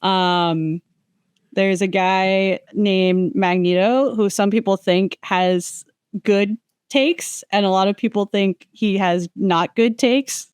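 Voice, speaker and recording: Young woman, podcast guest, deadpan, hesitant fillers, smooth resonant voice. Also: medium pitch, slow pace, no room sound, studio quality. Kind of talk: casual chat.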